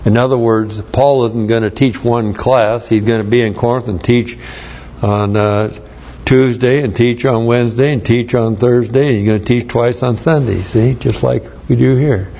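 A man's voice: mid-range voice, steady tone, normal speed, gravelly, dark tone, lo-fi sound. A man preaching verse by verse, explaining Greek grammar, spelling words out and repeating phrases for emphasis. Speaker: pastor. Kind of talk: verse-by-verse Bible teaching.

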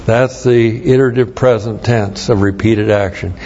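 A man's voice: fairly low pitch, fairly even intonation, moderate pace, mellow, muffled recording, a little hiss or hum. A man preaching verse by verse, explaining Greek grammar, spelling words out and repeating phrases for emphasis. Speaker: pastor. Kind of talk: verse-by-verse Bible teaching.

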